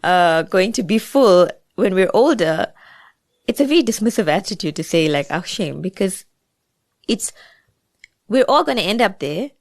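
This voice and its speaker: A woman's voice: medium pitch, expressive, moderate pace, long pauses, dry recording, studio quality. A woman with a South African accent, a guest author talking through her thoughts in a chatty, reflective way. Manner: reflective, chatty, many asides. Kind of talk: casual podcast interview.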